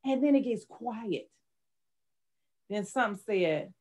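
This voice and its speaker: A woman's voice: on the high side, animated, takes it slowly, pauses often. A middle-aged woman, a life coach and author, telling her personal story candidly and with strong emotion in an interview. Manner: candid, emotional, dramatic retelling.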